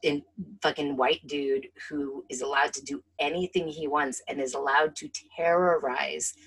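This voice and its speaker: A woman co-hosting a casual film chat, animated and profane, often acting out lines. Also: low voice, moderate pace, husky. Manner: animated and profane, acts out quotes. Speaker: podcast co-host.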